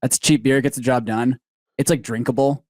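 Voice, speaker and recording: A man's voice: medium pitch, fairly even intonation, normal speed, a little mellow, no echo. A man co-hosting a casual comedy podcast, rambling, with frequent fillers and restarts. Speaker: podcast co-host.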